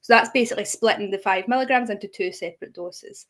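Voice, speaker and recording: A woman's voice: medium pitch, fast talker, fairly bright tone. A young woman, a guest creator in a casual interview, friendly and laughing often as she explains. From United Kingdom.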